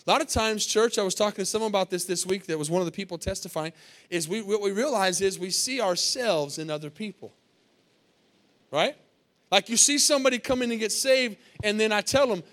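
A man's voice: sits high, animated, moderate pace, fairly bright tone. A man preaching a sermon as pastor in a church, repeating phrases and asking the congregation "Amen?".

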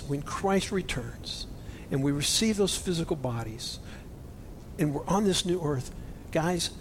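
A man preaching a sermon, animated and emotional, swinging between loud exclamations and hushed near-whispers. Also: fairly high pitch, a little hiss or hum. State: choked up with emotion. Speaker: pastor.

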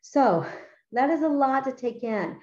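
A middle-aged woman who teaches writing chats enthusiastically about how she edits her students' papers, using plenty of fillers. Her voice is high and a little mellow, with lively intonation and a measured pace. The recording sounds muffled.

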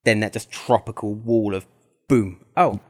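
A man's voice: fairly low pitch, a little slow. A man from the UK with a British accent, a guest chatting on a podcast in a playful, jokey way. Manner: playful, jokey, laughs easily. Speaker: guest, esports commentator. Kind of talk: casual podcast chat.

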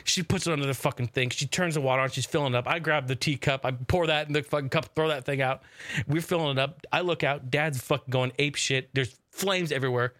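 A man's voice: medium pitch, fast, a bit bright, no echo, clean studio sound. A man casually telling a funny family story, swearing a lot and acting out the voices of the people in it. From family from Oregon. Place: home in the desert.

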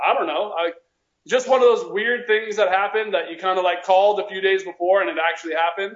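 A man's voice: high-pitched, fairly even intonation, fast talker, fairly bright tone. A man guest-talking as an angler, telling stories in a rambling, casual way with many restarts. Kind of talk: casual storytelling. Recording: roomy, dull sound.

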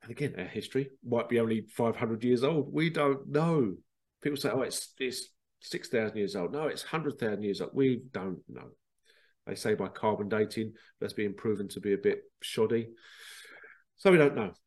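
Casting: male podcast host, mid-pitched, loose unscripted monologue full of rhetorical questions and restarts. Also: animated, normal speed, a little mellow. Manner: rambling, repeats words, asks rhetorical questions. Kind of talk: casual solo podcast monologue.

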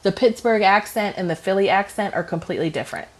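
A woman co-hosting a radio talk show, chatting casually with many fillers and quick asides. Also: mid-range voice. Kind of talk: casual chat.

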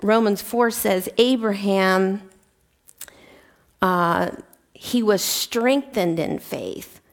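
Gravelly-voiced woman teaching scripture. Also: mid-range voice, extremely slow. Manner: conversational, reads scripture aloud, frequent fillers. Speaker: Bible teacher. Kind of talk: informal devotional teaching.

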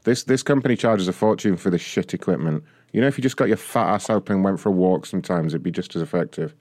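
A man with a fairly low voice plays a rude support agent on a prank call. He rants, swears and hurls insults at the caller. His voice is close-miked and dry. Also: fast, darkish tone, no echo. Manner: aggressive, insulting, ranting. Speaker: prank caller posing as customer service. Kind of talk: prank phone call comedy.

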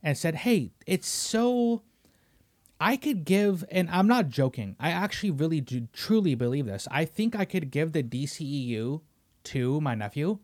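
A young man hosting a casual podcast, ranting heatedly with lots of swearing and loud emphatic bursts. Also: fairly high pitch, animated, normal speed. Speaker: podcast host. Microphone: studio microphone.

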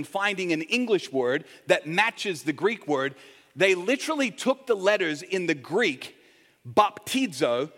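A man's voice: fairly high pitch, fairly bright tone, in a large hall. A man preaching a sermon as pastor, teaching in a conversational way and joking with the congregation. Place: church sanctuary.

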